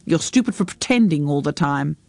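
A woman voicing a frank, impatient grown daughter who talks in brisk, scolding lines. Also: low-pitched, lively intonation, gravelly, darkish tone, no room sound. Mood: blunt.

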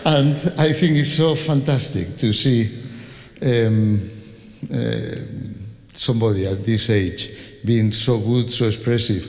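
A Spanish-accented man speaks to a concert audience before the music begins. He talks slowly and loosely, restarting sentences and laughing between them. His voice carries a long reverb, as if from a large concert hall. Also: mid-range voice. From Spain. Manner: warm, hesitant, laughing asides, many restarts. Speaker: conductor. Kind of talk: spoken introduction to a concert.

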